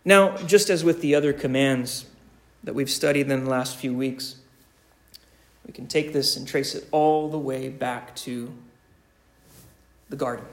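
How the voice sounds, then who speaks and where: A man preaching a sermon with slow, deliberate emphasis, repeating key phrases. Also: medium pitch. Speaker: pastor.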